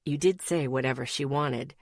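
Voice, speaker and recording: A woman voicing a careful teenage boy who speaks quietly. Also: rumbling low, moderate pace, no echo, clean studio sound, voice pushed down. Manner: quiet, soft-spoken.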